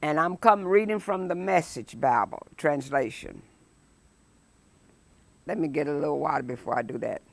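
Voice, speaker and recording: A woman's voice: low-pitched, gravelly. A woman pastor teaching a midweek Bible study sermon. She preaches emphatically, stretches out key phrases and reads scripture with dramatic force. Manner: drawn-out, deliberate stresses on key phrases.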